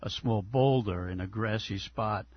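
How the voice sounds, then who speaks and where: A man hosting a radio interview, asking questions in a halting way, stumbling and repeating words. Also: on the low side, slightly rough, dull audio. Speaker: radio host.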